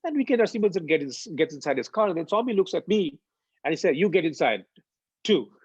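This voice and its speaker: In a dull, dry lo-fi recording with no echo, a man in his 40s from India recounts a devotional story as personal testimony. His husky voice sits high and races along, animated and full of "uh" and "um" fillers.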